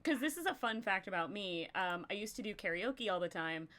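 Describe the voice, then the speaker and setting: Co-hosting a live stream, a young woman chats casually in a rambling flow loaded with filler "likes." Her medium-pitched voice is expressive, a bit bright and fairly quick.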